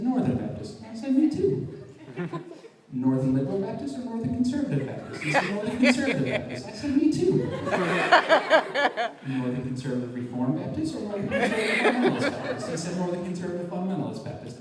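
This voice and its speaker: A man performing a stand-up comedy routine, telling stories with quick deadpan punchlines. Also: on the high side. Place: talent show stage in a hall. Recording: echoey hall from far off, audience laughter. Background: audience laughing.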